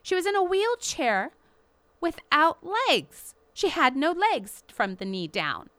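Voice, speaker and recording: A woman hosting a show, delivering an impassioned, indignant commentary with emphatic, drawn-out stresses. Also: sits high, very animated, fairly bright tone, dry recording. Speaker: radio show host.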